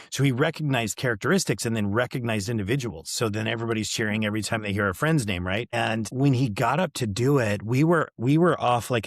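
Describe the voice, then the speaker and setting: A man's voice: lowish voice, no echo, studio quality. A middle-aged man hosting a podcast, telling a story in a rambling, casual way with lots of fillers and quoted dialogue. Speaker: podcast host. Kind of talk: casual chat.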